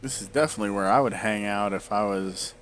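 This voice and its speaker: A man's voice: fairly low pitch, fast talker, a bit bright, slight background noise. A man in his forties talking casually over gameplay, rambling off into tangents, hiccuping and speaking around a swollen tongue. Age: 40s. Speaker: gameplay video creator.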